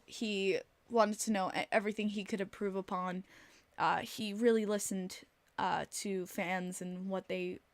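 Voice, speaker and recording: A woman's voice: mid-range voice, fairly bright tone, no room sound. A woman hosting a casual live-stream podcast, talking bluntly and swearing freely while reading chat aloud. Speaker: podcast host.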